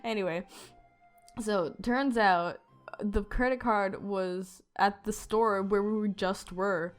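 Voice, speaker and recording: A woman tells a story for a casual storytime vlog at a mid pitch, rambling and swearing as she goes. Faint music plays behind her. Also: fairly even intonation, slow. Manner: rambling, filler-heavy, swearing. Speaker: storytime youtuber.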